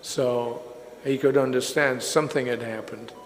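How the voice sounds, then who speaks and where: An older man giving a religious lecture and answering questions. He tells stories in an unhurried way, with many fillers. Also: mid-range voice, steady tone. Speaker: speaker at a religious festival. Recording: echoey hall with faint noise.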